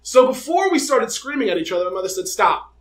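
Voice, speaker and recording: A young man with a notably high voice co-hosts a casual podcast. He tells stories with flair, slipping into the voices of family members and then back to his own. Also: fast talker, a loud crowd. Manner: animated, dramatic storytelling with quoted dialogue. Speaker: podcast co-host. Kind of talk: casual chat.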